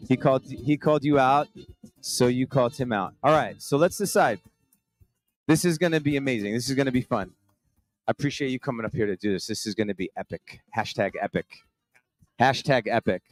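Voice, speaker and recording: A man's voice: medium pitch, fairly quick, soft background music. A man hosting a live show on a conference stage, telling stories in an upbeat, chatty, rambling way with many restarts. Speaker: host.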